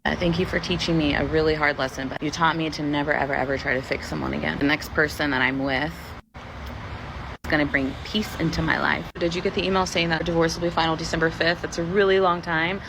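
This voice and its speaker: A woman with a notably low, deep voice pours out a bitter, profanity-laced monologue straight to the camera. Clear background noise and passing vehicles run under her words. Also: steady tone, a little fast. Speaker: person venting in a video clip.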